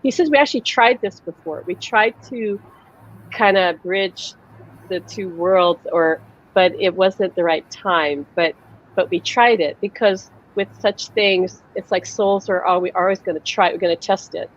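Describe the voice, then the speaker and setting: A woman's voice: mid-range voice, measured pace, muffled recording, slight background noise. A woman psychic medium hosting a casual live-stream conversation, telling stories animatedly and laughing often. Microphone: video call.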